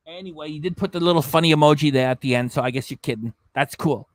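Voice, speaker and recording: High-voiced jokey man chatting on a livestream. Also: quick pace, few pauses, no room sound. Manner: jokey, rambling, keeps slipping into silly voices. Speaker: reaction channel host. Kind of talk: casual livestream chat.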